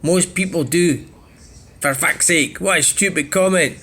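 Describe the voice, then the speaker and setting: Man doing a scornful male commenter, sweary, crude, raised pitch. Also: measured pace, fairly bright tone. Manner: scolding, crude.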